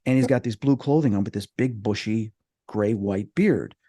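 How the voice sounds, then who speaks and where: A man, a podcast guest, telling a personal story in an animated, dramatic way. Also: lowish voice, normal speed, dry recording, clean studio sound. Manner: dramatic, acts out quoted voices.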